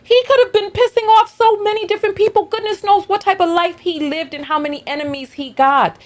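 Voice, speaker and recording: A woman's voice: very high voice, steady tone, fairly quick. A woman hosting a reaction commentary, talking in an indignant, exasperated way. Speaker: commentary host.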